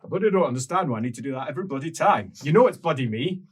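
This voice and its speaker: Guy playing a grumpy swearing thug, husky voice. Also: medium pitch, fairly quick, lightly acted. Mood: exasperated. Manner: grumbling, swearing, exasperated. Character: grumbling stocky male henchman named Arthur.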